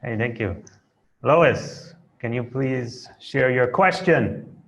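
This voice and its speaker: A man's voice: medium pitch, lively intonation, takes it slowly, vocal fry. A man hosting a workshop Q&A, courteously passing the floor to each person. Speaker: workshop host. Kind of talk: moderating a Q&A. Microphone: video call. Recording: muffled video-call audio.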